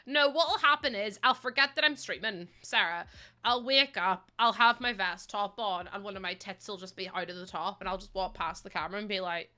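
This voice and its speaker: A woman's voice: medium pitch, fairly quick, bright, forceful tone. A young woman chatting casually to viewers on her livestream, sleepy, rambling and giggling often. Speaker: streamer.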